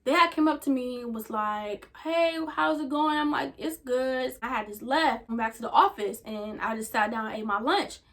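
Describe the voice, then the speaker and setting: A woman's voice: sits high, moderate pace, hardly any pauses, fairly bright tone. A young woman vlogger telling a personal story in a casual, chatty way, often saying "like" and talking straight to her viewers. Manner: chatty, peppers speech with "like", talks straight to viewers.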